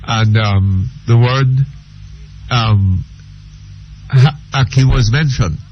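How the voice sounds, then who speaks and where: Man hosting talk radio, unhurried, full of ums, dull lo-fi broadcast. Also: mid-range voice, a little hiss or hum. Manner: unhurried, hesitant, lots of ums. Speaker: radio talk show host.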